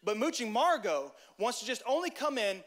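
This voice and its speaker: A man giving a relaxed, conversational sermon with a notably high voice. He jokes and addresses the listeners directly, with lively energy. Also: normal speed. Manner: lively, joking, talks straight to the audience. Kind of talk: casual sermon.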